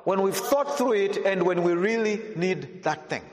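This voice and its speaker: A man preaches a sermon in a high, animated voice that leaps up and down in pitch. He questions the congregation again and again and repeats lines for emphasis. The sound rings through a reverberant church hall with a long echo. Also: normal speed, crowd noise.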